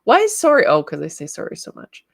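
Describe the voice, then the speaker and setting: Canadian lady chatting on her stream, bubbly, lowish voice, dry close mic. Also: wildly swooping pitch, fast talker, gravelly, no room sound. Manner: bubbly, reads chat comments aloud and laughs often. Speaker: livestream host, studio owner. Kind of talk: casual livestream chat.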